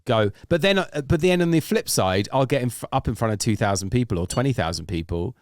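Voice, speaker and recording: A man's voice: mid-range voice, expressive, fast, dry recording. A British man guesting on a podcast, chatting in an easygoing, jokey way with lots of fillers. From Britain. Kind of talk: casual podcast banter.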